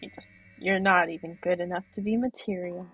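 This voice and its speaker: A young woman livestreams a horror game, briskly reading its text out loud and reacting with laughter in a lively, husky voice. Her voice is lowish, and the recording sounds rough.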